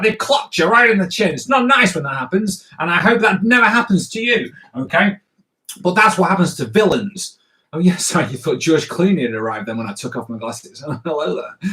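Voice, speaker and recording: A man's voice: sits high, sharp tone. A man giving a live comic drawing lesson, playful and jokey, talking straight to the viewers as he draws. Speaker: comics teacher.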